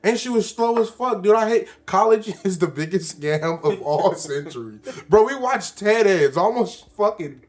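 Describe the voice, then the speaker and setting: A man's voice: sits high, animated, normal speed, few pauses. A young man co-hosting a podcast in casual, crude, joking chat, laughing often. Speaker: podcast co-host.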